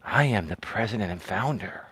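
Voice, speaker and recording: A man doing a whispered role-play of a soft-spoken male ASMR channel host, murmuring in a low, breathy hush. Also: expressive, moderate pace, dry recording.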